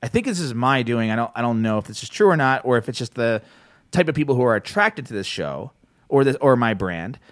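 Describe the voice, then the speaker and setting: A man's voice: medium pitch, brisk, no room sound. A man from New Jersey hosting a podcast in loose, rambling chat, with frequent swearing and restarts. His voice sits mid-range for a man. The recording is close and dry, with no room sound. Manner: rambling, profane, animated, with many restarts. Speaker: podcast host. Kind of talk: casual chat.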